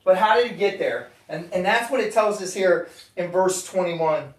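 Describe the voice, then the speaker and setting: A preacher with a high voice and lively intonation delivers an emphatic, conversational sermon to a gathering in a meeting room, at a moderate pace. The recording is echoey, and he sounds far from the microphone.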